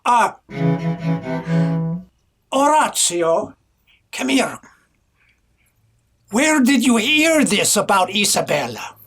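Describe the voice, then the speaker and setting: A man's voice: high voice, big pitch swings, slow pace, long pauses, fairly bright tone, soft background music, full character voice. An actor playing Pantalone, a fussy old merchant father, blustering and stammering in a stage comedy. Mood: flustered.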